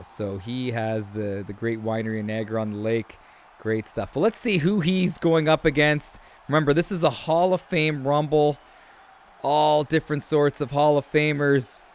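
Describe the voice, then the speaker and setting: A man from Canada, commentating a video game match and telling chatty stories. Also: medium pitch. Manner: chatty, storytelling, animated shouts. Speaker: host.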